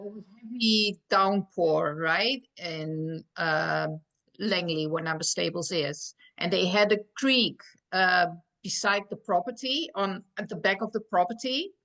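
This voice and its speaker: A woman's voice: mid-range voice, a bit bright, low-quality recording. Woman hesitantly retelling a story. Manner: hesitant, with fillers, checking in with the listener. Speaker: participant telling a story. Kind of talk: casual storytelling.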